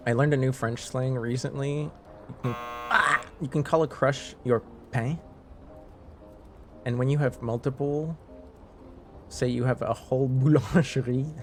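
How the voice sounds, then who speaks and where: Man, live streamer, mid pitch, laughs and restarts a lot, faint music playing behind. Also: steady tone, measured pace, long pauses. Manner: rambling, laughing, many restarts. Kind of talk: casual live-stream chat.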